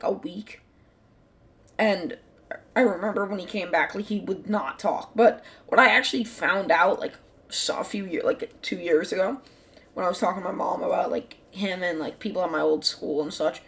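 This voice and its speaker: A woman's voice: medium pitch, gravelly. A woman hosting her own channel, telling a story in a casual, rambling way, full of "like" fillers and the odd swear word. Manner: rambling, heavy use of "like" fillers. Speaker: channel host.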